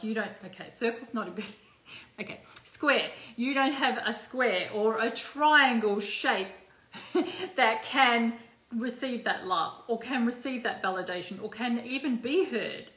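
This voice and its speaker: A woman talks to her viewers on a live stream in a loose, rambling way, full of fillers and the odd curse. Her voice is bright and forward, and the room around her rings with echo. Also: mid-range voice. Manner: chatty and loose, with many fillers, swearing and asides. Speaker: life coach hosting a live stream. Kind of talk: casual live-stream chat.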